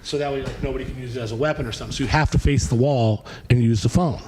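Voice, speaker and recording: A man's voice: medium pitch, very fast, a little hiss or hum, rough recording. A man, a podcast guest who tells a long story casually, swearing freely and acting out what people said. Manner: animated, profane storytelling with acted-out quotes. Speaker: podcast guest, hardcore singer.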